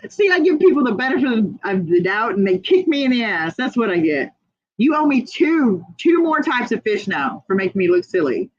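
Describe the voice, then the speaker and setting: A woman's voice: on the high side, no echo, lo-fi sound. Chatty laughing woman on a livestream. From United States. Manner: chatty, laughs often, reads chat comments aloud. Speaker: livestream host. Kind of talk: casual livestream chat.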